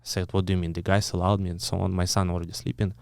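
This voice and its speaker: A man's voice: deep voice, little pitch movement, very fast, vocal fry, darkish tone, clear, resonant tone, no room sound, studio quality. A man in his thirties with a Ukrainian accent and broken English, telling a story as an interview guest, blunt and swearing often, acting out the people he quotes. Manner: broken English, frequent restarts.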